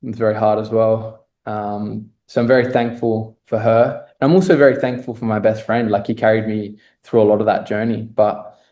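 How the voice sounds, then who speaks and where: A man's voice: on the low side, fairly even intonation, normal speed, hardly any pauses, dark tone. A man, a fitness coach, speaking as a podcast guest and telling a personal story in a reflective, earnest way with many fillers.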